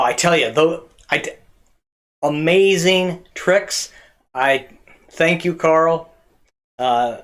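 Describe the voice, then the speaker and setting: Man, church comedy host, halting delivery, lots of ums and restarts, slow pace. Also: fairly high pitch. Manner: halting, many fillers and restarts, chuckling at his own bad jokes. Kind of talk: casual joke telling to camera.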